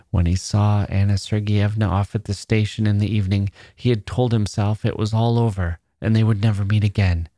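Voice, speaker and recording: A man reads a classic story aloud in a measured, unhurried way, sinking into a soft whisper at tender moments. His voice sits very low and has a dark, mellow tone. The recording is dry and close, with no room sound. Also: no room sound. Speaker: narrator. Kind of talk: audiobook reading of a classic story.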